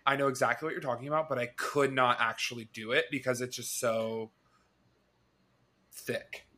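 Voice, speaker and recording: A man's voice: mid-range voice, little pitch movement, moderate pace, sharp tone. A man from the United States co-hosting a podcast, chatting casually and asking questions. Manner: chatty, upbeat, asks questions. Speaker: podcast co-host. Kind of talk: casual chat.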